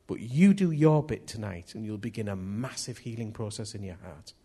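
A man's voice: lowish voice, animated, moderate pace, mellow, breathy edge. A man preaching a sermon in an earnest manner, often repeating key phrases.

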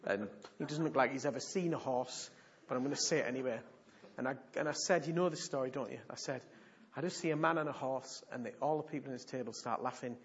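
Husky preacher, animated storytelling. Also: male voice, mid-range voice, fast. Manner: animated storytelling, emphatic repetition. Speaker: pastor. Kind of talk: sermon teaching. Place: church. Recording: dull lo-fi recording.

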